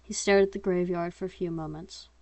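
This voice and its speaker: A woman's voice: fairly low pitch, steady tone, fairly quick, darkish tone, dry recording. A young woman reading her own story aloud in an unedited, casual way, voicing narration and dialogue in her own voice and breaking off to comment on her slips.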